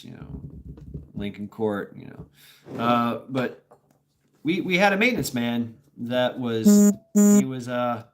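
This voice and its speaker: A man of middle pitch from Tennessee talks loosely to his livestream viewers. He rambles and stops to restart his sentences, swearing freely in a blunt, off-the-cuff manner. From Tennessee, USA. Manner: rambling, blunt and profane, many fillers. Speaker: livestream host. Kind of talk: casual livestream storytelling.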